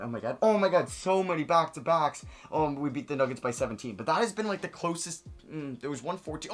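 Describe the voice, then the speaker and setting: Excitable young gamer cheering a sim. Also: medium pitch, a little fast. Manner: excitable, pleading and cheering at the screen. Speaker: gaming video creator. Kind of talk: excited gameplay commentary.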